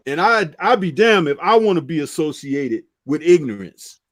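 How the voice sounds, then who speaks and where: A man's voice: fairly high pitch, expressive, moderate pace, no room sound. A man on a boxing talk panel speaking earnestly and preachily, driving his points home with "okay" asides. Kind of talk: casual panel chat.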